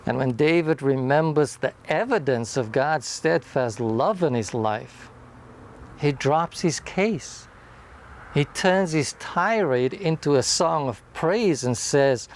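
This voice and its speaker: A male pastor giving a short sermon with a deliberate, emphatic delivery that sinks quietly at key points. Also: a little high, lively intonation.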